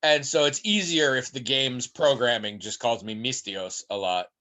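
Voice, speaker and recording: A man's voice: mid-range voice, moderate pace. A man co-hosting a podcast, chatting casually and telling rambling stories with voices thrown in. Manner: rambling animated storytelling with mimicked voices. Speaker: podcast co-host.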